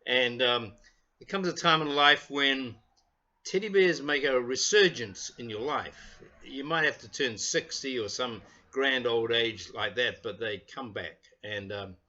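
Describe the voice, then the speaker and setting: Older man, minister, chatty children's talk, bright lively voice, slightly lo-fi. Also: medium pitch. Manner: warm, chatty, halting with fillers. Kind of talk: children's talk with storybook reading. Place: home porch.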